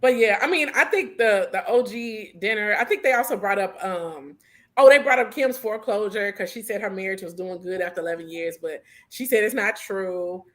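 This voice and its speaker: A woman's voice: mid-range voice, normal speed, fairly bright tone. A woman co-hosting a casual recap chat, easygoing and agreeable, laughing often. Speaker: podcast co-host.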